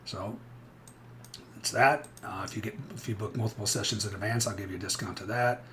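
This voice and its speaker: A man's voice: on the low side, steady tone, brisk, fairly bright tone, a little hiss or hum. A middle-aged man hosting a live trading stream, talking bluntly and energetically with frequent restarts.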